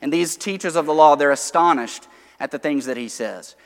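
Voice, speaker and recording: A man preaching a sermon, teaching conversationally from Scripture and alternating rising emphasis with quiet asides. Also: a little high, moderate pace, in a large hall.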